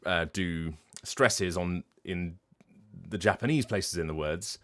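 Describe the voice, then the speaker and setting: A man with a very deep voice talks casually on his livestream. As a voice actor, he explains his craft thoughtfully and often stops to restart a sentence. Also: slow, a bit bright. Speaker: voice actor and streamer.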